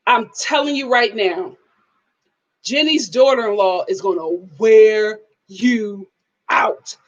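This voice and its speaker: A woman's voice: medium pitch, takes it slowly, lo-fi sound. A woman doing a live review of a reality TV episode, telling it dramatically and breaking into laughter.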